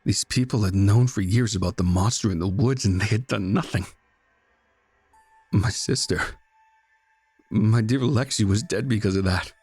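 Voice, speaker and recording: A man narrating a first-person horror story in a measured, tense, brooding way. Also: on the low side, a little mellow, husky, dry recording, faint music behind. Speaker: guest narrator.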